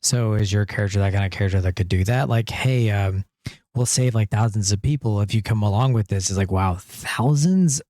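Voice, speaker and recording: A man's voice: on the low side, steady tone, fairly quick, dark tone, no echo, clean studio sound. A man co-hosting a casual podcast about tabletop roleplaying games, talking in an easygoing, rambling, joking way.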